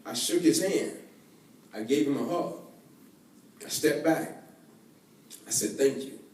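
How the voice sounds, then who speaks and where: A man telling a personal story to an audience, acting out the voices of the people in it and swinging between hushed and excited. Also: mid-range voice, takes it slowly. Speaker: motivational speaker. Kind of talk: storytelling keynote speech. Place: large event hall. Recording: echoey hall from far off, faint noise.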